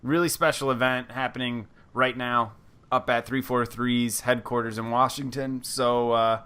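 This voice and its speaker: A man's voice: mid-range voice, flat delivery, unhurried, pushed and bright, smooth. A man hosting a competitive gaming podcast, presenting segments in an upbeat, fluent way with casual fillers. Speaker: podcast host. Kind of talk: casual chat.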